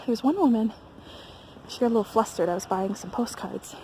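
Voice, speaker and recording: Young woman, from the US, slightly high voice, casual walking vlog, laughs often, faint outdoor ambience. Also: lively intonation, fairly quick, noisy background. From United States. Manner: chatty, laughs often, many fillers. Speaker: travel vlogger. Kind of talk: casual chat while walking. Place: snowy mountain village outdoors.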